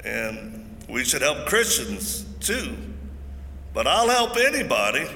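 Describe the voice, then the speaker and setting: A man's voice: medium pitch, big pitch swings, unhurried, bright, forceful tone. A man giving an emphatic preaching-style speech at a large event, telling stories with jokes mixed in. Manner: emphatic, joking storyteller. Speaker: event speaker. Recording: echoey hall, faint noise.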